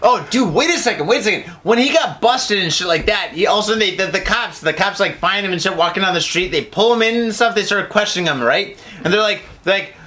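A man's voice: high voice, fast, few pauses. A man co-hosting a podcast, reading news stories and riffing crudely with mock voices. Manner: animated, slips into mock gangster voices. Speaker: podcast co-host.

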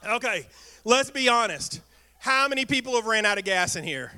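A man preaching a sermon as pastor, talking in a lively way and asking the congregation questions. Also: extremely high pitch, normal speed, clean tone. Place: church sanctuary.

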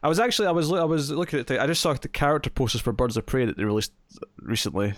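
A man's voice: mid-range voice, rapid-fire, no echo. A man co-hosting a comics podcast, teasing his co-host with dry banter. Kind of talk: casual chat.

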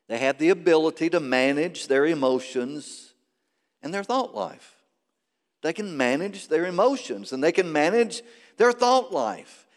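A man preaching a sermon as pastor, swinging between loud peaks and quiet asides. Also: on the high side. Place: large church hall. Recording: long reverb of a big sanctuary.

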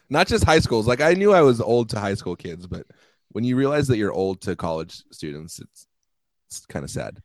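A man's voice: lowish voice, big pitch swings, normal speed, darkish tone, dry recording, poor audio. A man co-hosting a podcast in casual chat, talkative and laughing often. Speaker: podcast co-host.

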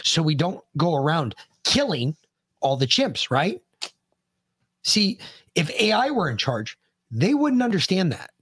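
A man co-hosting a podcast with a husky, grainy voice, close to the mic in a dead, dry room. He talks loosely and profanely and jumps into loud shouts when amused. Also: on the high side, big pitch swings, measured pace, pauses often, no room sound. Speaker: podcast co-host. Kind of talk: casual chat.

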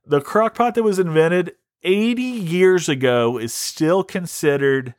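A man's voice: on the high side, a little slow, dry recording, studio quality. A man hosting a comedy podcast, ranting in a rambling, profane way with many restarts. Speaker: podcast host. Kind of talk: casual comedic rant.

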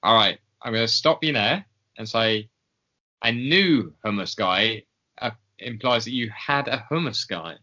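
A man co-hosting a podcast in casual chat, hesitant, filling pauses with ums. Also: lowish voice, expressive, sharp tone, highs cut off. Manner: hesitant, lots of ums, often laughing. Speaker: podcast co-host.

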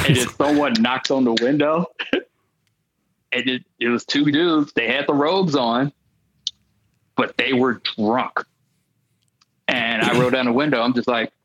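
A male comedian guest telling comic stories in an animated way, acting out the voices of the people in them. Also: mid-range voice, normal speed, pauses often, no echo, dull audio. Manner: animated, acts out quoted voices. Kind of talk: comic storytelling.

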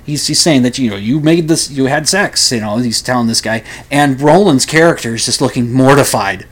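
A man's voice: medium pitch, a little fast. Rambling skeptical man reviewing a film. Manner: rambling, skeptical, many fillers and restarts. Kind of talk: casual spoken review.

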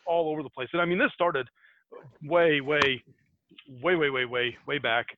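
Retelling a folktale in a rambling, casual podcast chat, this American man laughs at himself as he goes. He has a slightly high voice at a moderate pace, captured on a tinny, dry, phone-like recording with background noise.

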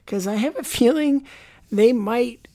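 A woman's voice: fairly high pitch, unhurried, warm tone, no room sound. A woman co-hosting a podcast in casual chat, rambling and chatty, full of asides and fillers.

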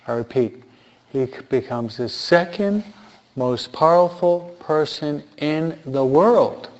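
Slow and a little mellow, with a fairly high pitch, a man gives informal Bible teaching in which he asks rhetorical questions and restates key ideas for emphasis. The recording is dull and lo-fi.

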